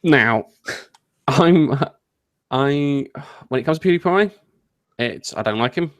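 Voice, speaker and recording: A man's voice: medium pitch, animated, slow pace. A man hosting a casual gaming news chat, rambling, jokey and often interrupting himself. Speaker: host.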